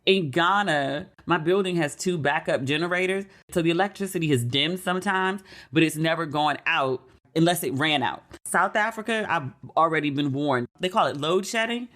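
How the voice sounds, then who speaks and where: A middle-aged American woman hosting a podcast speaks at a normal pace, her low-pitched voice a bit bright. She chats casually, telling stories and taking on the voices of quoted people in a raised tone.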